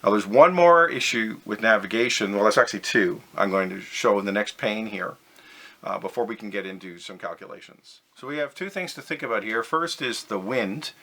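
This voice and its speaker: A man's voice: lowish voice, brisk, a bit bright. A man teaching a physics lesson over slides, methodical and step by step, stressing the key words.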